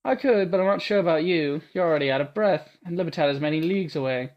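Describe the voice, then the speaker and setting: A man voicing a gruff, blunt woman warrior with a put-on Scottish accent, reading a visual novel aloud. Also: fairly high pitch, quick pace, dull audio, natural voice. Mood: stern. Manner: brusque, commanding. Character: gruff tough woman swordswoman, blunt and bossy.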